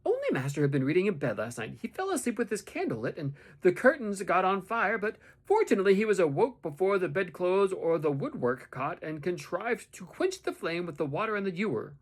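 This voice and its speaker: A man's voice: sits high, fairly quick, hardly any pauses, husky, pitched above the performer's own voice, heavily acted. A man reading an audiobook, voicing a composed, secretive middle-aged woman servant who talks coolly and politely. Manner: calm, even, coolly polite. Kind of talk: audiobook character voice.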